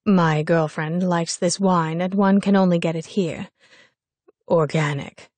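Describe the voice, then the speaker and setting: A young man in a spoken novel, polite and easygoing, with a hint of amusement in his calm, dry-sounding voice, which a woman reads in. He talks softly and without hurry. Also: fairly low pitch, measured pace, no echo. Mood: polite, amused. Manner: polite, relaxed, lightly amused.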